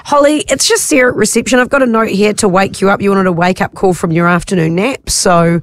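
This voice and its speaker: A woman co-hosting a drive-time radio show, bubbly and excitable, over a faint music bed. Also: mid-range voice, brisk, no room sound, clean studio sound. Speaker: radio host.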